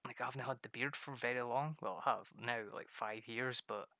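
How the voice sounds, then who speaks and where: A man's voice: mid-range voice, steady tone, brisk, bright, forceful tone, no echo, clean studio sound. A man, chatting casually on a stream, laughing often and mimicking people. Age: 30s.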